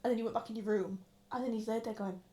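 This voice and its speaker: This young woman talks casually in a slightly higher voice. She tells stories and acts out the quotes, swearing often as she goes. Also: fairly even intonation, rapid-fire, warm tone. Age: 20s. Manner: storytelling with acted-out quotes, frequent swearing. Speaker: podcast co-host. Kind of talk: casual chat.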